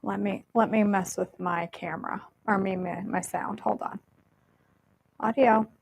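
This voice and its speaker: A woman's voice: mid-range voice, fairly even intonation, measured pace, vocal fry, breathy edge. A woman hosting a casual live cooking stream from her home kitchen, chatty and self-deprecating while she fiddles with her mic, over warbly, staticky audio.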